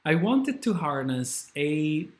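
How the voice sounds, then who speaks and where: A man's voice: fairly high pitch, very animated, takes it slowly. A man giving an academic talk, enthusiastic and hesitating with fillers. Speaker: scholar and speaker.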